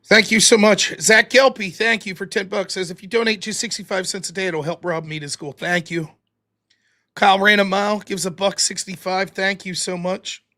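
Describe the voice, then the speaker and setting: Give me an American man hosting a live stream with a bright, somewhat high voice, reading donations in a mock-wounded tone. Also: steady tone, moderate pace. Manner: mock-wounded, self-deprecating, reads superchats aloud. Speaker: livestream host reading viewer donations. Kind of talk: casual live-stream chat.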